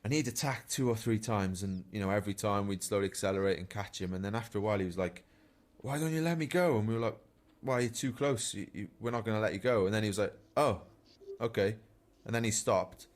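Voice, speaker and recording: A man's voice: lowish voice, steady tone, fast talker. A man, a professional cyclist, telling race anecdotes in a casual podcast chat, chuckling now and then as he goes.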